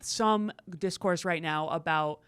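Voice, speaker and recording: A young woman trades sarcastic, profane banter as a podcast co-host, laughing often. Her voice is bright and forward. The sound is dry and close. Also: fairly low pitch, slow pace, smooth, dry recording. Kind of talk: casual chat.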